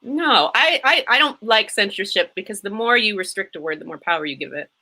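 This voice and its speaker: A woman's voice: medium pitch, brisk. A Canadian woman with a Canadian accent, chatting casually and animatedly on a live show. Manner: chatty, animated, laughs often. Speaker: tribute performer. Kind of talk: casual chat. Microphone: home setup.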